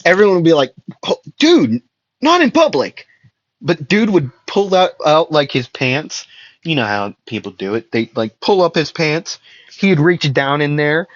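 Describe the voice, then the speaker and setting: A man's voice: a little high, animated, normal speed, no room sound, dull audio. A young man improvising an anime fan story, rambling with many fillers and restarts and laughing at his own jokes. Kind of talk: improvised fan story, voicing characters loosely.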